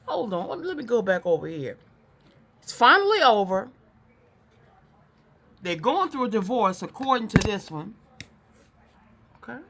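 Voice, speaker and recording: A woman giving a casual psychic card reading to camera, her pitch sitting in an ordinary middle range. She chats animatedly and stumbles over repeated words. She slips into sermon-like asides along the way. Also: moderate pace, pauses often, a little hiss or hum. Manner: chatty, animated, repeats herself, slips into preaching.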